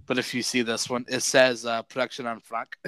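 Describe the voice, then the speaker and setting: A young adult man co-hosting a podcast, chatting excitedly about a show he loves, swearing freely and leaning on slang. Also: medium pitch, fairly quick, clean tone, no room sound. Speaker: podcast co-host. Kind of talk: casual show review chat.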